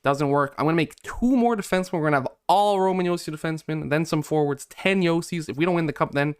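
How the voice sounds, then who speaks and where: A man's voice: on the high side, quick pace, clean tone. A young man giving gameplay commentary, exasperated and swinging between hope and letdown. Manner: exasperated, swings from hopeful to deflated. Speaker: gaming YouTuber.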